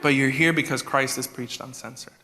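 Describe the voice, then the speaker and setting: A man preaching a sermon as executive pastor, animated, acting out prayers in a raised voice. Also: mid-range voice, a little fast, a little hiss or hum. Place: church hall. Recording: live church hall with reverb and music.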